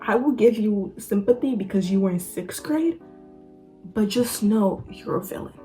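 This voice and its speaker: A woman's voice: medium pitch, animated, normal speed, mellow. A woman reading online confessions aloud and reacting in a casual, incredulous, scolding way. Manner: incredulous, scolding, repeats lines. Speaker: YouTuber reading online stories. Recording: music playing behind voice.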